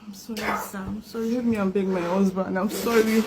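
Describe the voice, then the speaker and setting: A woman's voice: medium pitch, fairly even intonation, a little fast, close to an everyday voice. Woman doing a caught cheating wife, begging sorry sorry, faint noise behind. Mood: pleading. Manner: begging, repeating apologies. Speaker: unfaithful wife. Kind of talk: skit acting.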